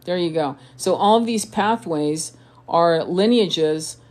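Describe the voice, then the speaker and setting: A French-born tarot reader and spiritual coach chats casually on a live stream, reading comments and rambling with frequent swearing, restarts and laughter. Her voice is lowish, slow and darkish in tone.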